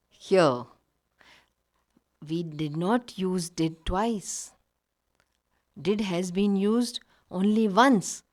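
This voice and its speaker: A woman teaching a recorded grammar lesson, patiently explaining with many examples. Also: mid-range voice. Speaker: English teacher.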